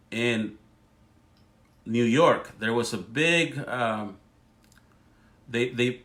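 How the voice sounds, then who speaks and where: A man's voice: fairly low pitch, fairly bright tone. A middle-aged man whose first language is Spanish, speaking English with a Spanish accent as he hosts a livestream. He delivers a fervent political monologue, often restarting his sentences. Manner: fervent, speechifying, frequent restarts. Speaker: livestream host.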